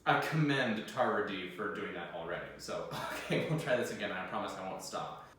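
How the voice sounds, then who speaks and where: His voice is deep, expressive and a bit bright, and he talks fairly quickly. He's a young American hosting a video, chatting in a casual, self-mocking way as he sight-reads organ music, recorded from afar in a very echoey room with slight background noise.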